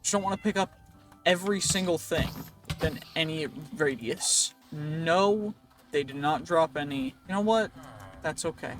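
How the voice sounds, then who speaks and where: A man's voice: fairly high pitch, moderate pace, fairly bright tone, soft background music. A young man casually commenting while playing a game, rambling and joking to himself, his voice slightly worn. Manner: chatty, rambling, jokey self-talk. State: voice a bit worn. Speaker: let's play host.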